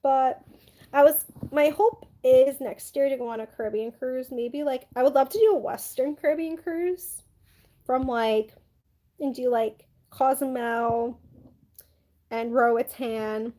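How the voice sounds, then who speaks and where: Bubbly high-voiced woman live streamer. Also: measured pace, mellow, poor audio. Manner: chatty, bubbly, many "like" fillers, yawning. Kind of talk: casual live stream chat reading comments.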